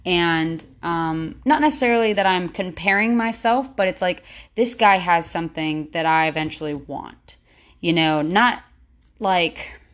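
A woman's voice: on the low side, a little slow. Rambling, chatty woman podcaster. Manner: rambling, many fillers and restarts, chatty and upbeat. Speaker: podcast host. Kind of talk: casual solo podcast chat.

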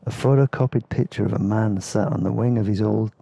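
A man's voice: lowish voice, fairly even intonation, fairly quick, creaky, dark tone, breathy edge, no room sound. A man telling rambling travel stories in a laid-back, casual way, laughing now and then. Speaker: podcast host and storyteller. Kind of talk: casual spoken travel memoir.

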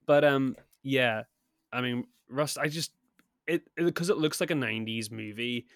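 Chatting casually about a movie, a man co-hosting a podcast rambles, laughs frequently and keeps restarting, sounding a bit ill. His voice sits at medium pitch with a fairly bright tone and a moderate pace, and the clean studio recording has no echo.

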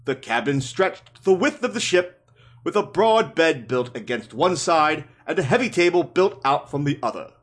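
A man reading a fantasy novel aloud for a podcast, with expressive storytelling. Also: a little high, moderate pace, husky. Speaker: podcast reader.

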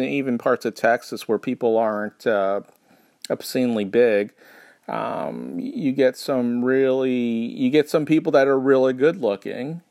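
A man from New York hosting a podcast, delivering a rambling comedic monologue with a sardonic edge, halting often with fillers. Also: mid-range voice, vocal fry, darkish tone, no room sound, clean studio sound. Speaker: podcast host.

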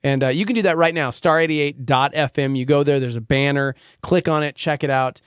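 A man's voice: on the high side, a little fast, smooth, no room sound, clean studio sound. A man hosting a morning radio show, talking casually and earnestly with his co-host. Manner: earnest, enthusiastic.

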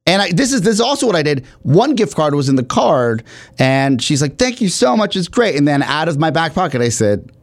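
A man's voice: on the high side, expressive, brisk. A man telling a funny story about himself in casual podcast chat. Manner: storytelling, self-mocking. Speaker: regular co-host.

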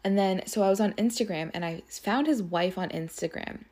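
A young woman hosting a podcast, telling a story in a casual, animated way, full of swearing and "like". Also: medium pitch, fairly quick, few pauses. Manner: animated, swears often, lots of "like". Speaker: podcast host.

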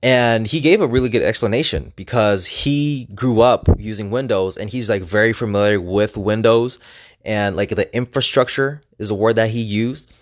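Lower-voiced young man telling a rambling story. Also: moderate pace. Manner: rambling, filler-heavy with frequent "like". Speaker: vlogger. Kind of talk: casual storytelling.

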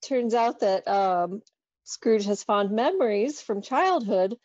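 A woman speaks slowly and with amusement as she retells a comic scene. The sound is dull and lo-fi, with a dry, close feel. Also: mid-range voice, animated, darkish tone, no echo. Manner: amused, laughs often. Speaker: podcast co-host. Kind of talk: casual chat, reading comic dialogue aloud.

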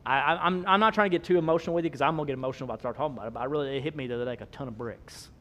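A man, preaching a sermon, swinging between loud emphasis and soft low asides. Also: rapid-fire. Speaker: pastor.

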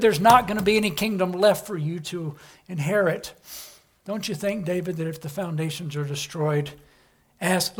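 A man's voice: high voice, voice pushed up. A man voicing a scornful male tempter who nags in a mock-reasonable tone. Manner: pushy, mock-reasonable, nagging. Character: scornful male voice of worldly doubt.

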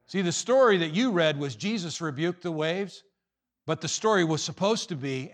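Man, pastor, sermon, animated, teasing, higher voice, church. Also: moderate pace.

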